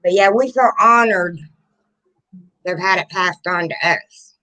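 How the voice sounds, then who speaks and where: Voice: medium pitch, measured pace, sharp tone, rough recording. A guest in casual chat on a live stream, earnest and easygoing, often saying "like".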